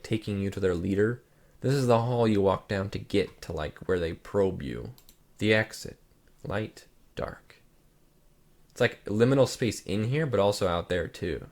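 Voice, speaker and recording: A young man hosting his channel, reacting to pictures in a loose, rambling casual chat full of "like" fillers. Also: on the low side. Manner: relaxed, rambling, lots of "like" fillers. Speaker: channel host.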